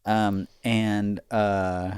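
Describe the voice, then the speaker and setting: A man's voice: lowish voice, little pitch movement, very slow, darkish tone, smooth, dry recording, clean studio sound. A man co-hosting a comedy podcast, telling a rambling, profane story full of filler words. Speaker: podcast co-host.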